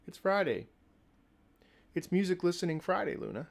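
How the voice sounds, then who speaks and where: A man with a gravelly, creaky voice hosts a laid-back live stream from home. His pitch swings around a lot as he chats, and the sound is dry and close with no room echo. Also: moderate pace. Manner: chatty and animated, laughs often, many fillers. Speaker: streamer hosting a music listening stream. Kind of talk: casual live-stream chat.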